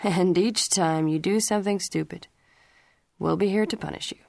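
A woman's voice: lowish voice, normal speed, vocal fry, a little mellow, dry recording, clean studio sound. A woman reading the lines of a stern middle-aged father who lectures his teenage son firmly. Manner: firm, lecturing.

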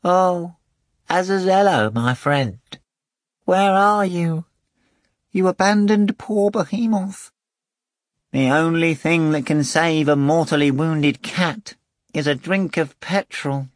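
A man voicing a mischievous, grandiose talking black tomcat in a storybook reading, with pompous, drawn-out speech. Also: fairly high pitch, no echo, clean studio sound, voice pushed up. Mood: mournful.

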